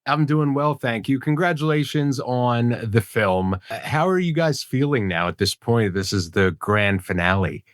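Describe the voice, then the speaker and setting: A man's voice: medium pitch, animated, normal speed, hardly any pauses, no echo. An upbeat, joking man hosts a pop culture interview show. His voice sits in a middle register and sounds dry and close. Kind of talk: entertainment interview and host segments.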